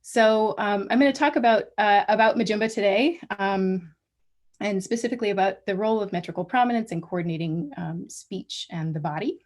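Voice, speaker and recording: A woman giving an academic colloquium talk over a video call, measured and full of small restarts. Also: medium pitch. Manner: measured, many ums and restarts. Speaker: guest lecturer.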